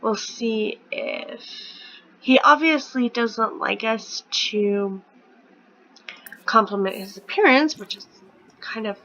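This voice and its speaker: Chatty woman gaming at home, slow easy talk, bright with a bit of gravel, some whispering. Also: fairly high pitch, dull audio, a little hiss or hum. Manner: chatty, often drops to a whisper. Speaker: gaming vlogger. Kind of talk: casual gameplay commentary.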